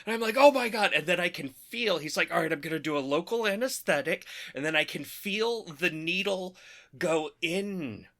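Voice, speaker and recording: A man hosting a podcast, telling a story in casual chat, animated, laughing through his lines and swearing freely. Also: fairly high pitch, moderate pace. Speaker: podcast host.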